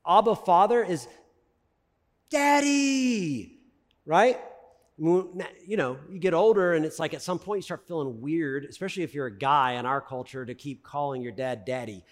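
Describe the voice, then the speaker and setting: A middle-aged pastor delivers a sermon in a high, lively voice. His preaching swings from loud emphasis to hushed asides. The sound carries a long reverb from a large hall. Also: brisk, hardly any pauses.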